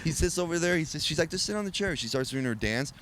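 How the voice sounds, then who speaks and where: A man telling wild stories as a podcast guest in casual chat, animated and profane, often laughing as he talks. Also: fairly high pitch, fast talker, a little hiss or hum.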